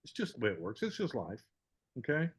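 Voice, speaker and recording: A man's voice: medium pitch, huge pitch swings, a little fast, breathy edge. An older man giving a casual webinar talk, telling stories in a folksy way and acting out both sides of a phone conversation. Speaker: network marketing presenter. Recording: dull lo-fi webinar audio.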